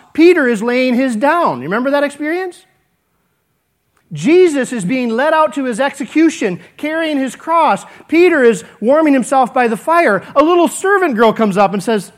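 A man preaching a sermon, earnest and repetitive, swinging between emphatic lines and hushed ones. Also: extremely high pitch, sing-song, normal speed. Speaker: pastor.

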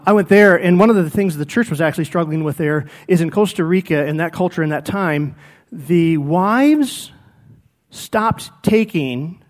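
A middle-aged male pastor preaching a sermon, telling personal stories and acting out what people said. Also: fairly high pitch. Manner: animated storytelling, acts out quoted speech.

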